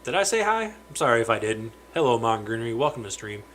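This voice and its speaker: A man's voice: medium pitch, very animated, quick pace, fairly bright tone, a little hiss or hum, low-quality recording. Chatty man hosting a fish-room stream. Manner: chatty, greets viewers by name, stumbles over words. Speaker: live stream host. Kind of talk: casual live stream chat. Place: home fish room with aquariums.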